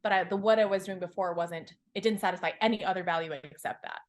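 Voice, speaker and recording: A woman in her thirties, a success coach from Hawaii, tells her story on a podcast in a candid, expressive way, swearing freely and acting out her past thoughts. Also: on the low side, fast.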